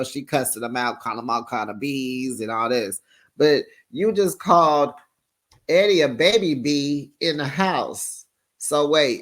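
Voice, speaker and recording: Slow-talking sassy recap host. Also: medium pitch. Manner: sassy, gossipy, talks straight to viewers. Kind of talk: casual commentary recap.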